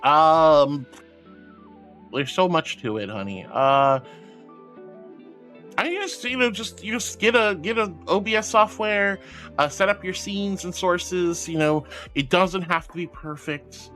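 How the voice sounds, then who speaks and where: A woman's voice: on the low side, slow pace, a bit bright, faint music behind. A woman streamer chatting casually and affectionately with her viewers, calling them sweetie and honey, often giggling. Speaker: VTuber streamer. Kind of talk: casual livestream chat.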